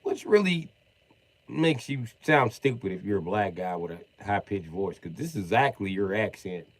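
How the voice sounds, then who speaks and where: A man's voice: on the low side, lively intonation, normal speed, no echo. A man from Wisconsin chatting casually on a live stream, swearing freely, joking and laughing often. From Wisconsin, USA.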